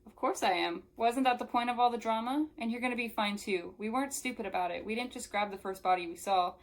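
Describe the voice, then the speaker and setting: A woman's voice: a little high, fast, natural voice. A woman voicing a tough, protective young woman who speaks bluntly, in a read-aloud novel. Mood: firm.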